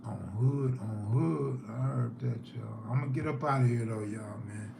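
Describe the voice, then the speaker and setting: A man's voice: medium pitch, unhurried, creaky, echoey room, noisy background. A man hosting a live stream, telling neighborhood stories in a laid-back way and reading chat aloud.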